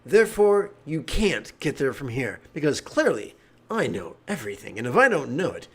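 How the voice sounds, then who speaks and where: A man's voice: fairly high pitch, sing-song, normal speed, breathy edge, exaggerated voice. A man doing a smug, rigid know-it-all.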